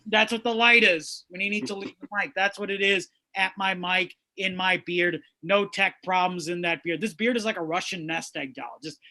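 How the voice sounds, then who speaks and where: Loud, profane high-voiced comedy host. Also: male voice, moderate pace. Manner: loud, rambling, profane jokes. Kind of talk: stand-up banter.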